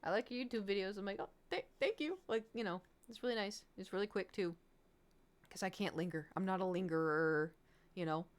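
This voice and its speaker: A woman's voice: medium pitch, steady tone, a little fast. A young woman streamer chatting casually from home to her viewers, telling stories with a lot of animation, acting out the quotes, giggling and sounding self-conscious.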